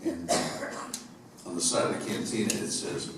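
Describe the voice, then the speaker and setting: A man from upstate New York spins loose, humorous stories between songs, full of fillers and asides. His voice sits very low. The live theater recording is heavily echoey and noisy. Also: animated, takes it slowly, pauses often, recorded from a distance. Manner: rambling, humorous storytelling with fillers. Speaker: singer-songwriter on stage. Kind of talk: stage banter between songs. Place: theater stage at a live concert.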